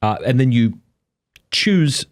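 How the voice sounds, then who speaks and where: A man's voice: medium pitch, expressive, slow pace, dry recording, clean studio sound. A man with an Australian accent, hosting a casual chat and joking with his guests. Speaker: podcast host.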